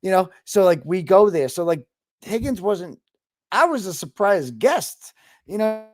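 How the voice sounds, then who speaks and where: Lively swearing man on a video call. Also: high-pitched, a little slow, dry recording. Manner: animated storytelling, frequent swearing. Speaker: guest. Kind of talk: casual chat.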